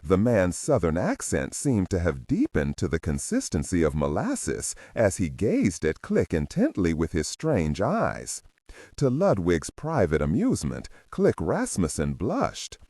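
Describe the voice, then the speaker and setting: Deep husky male audiobook narrator. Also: wildly swooping pitch, a little slow, mellow, dry recording, studio quality. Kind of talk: scripted narration.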